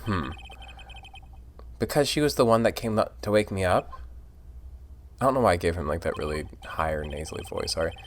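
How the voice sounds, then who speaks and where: A man's voice: low voice, animated, fairly quick, long pauses, slight background noise. A drunk man casually rambling and giggling through a let's play, reading the game's lines aloud.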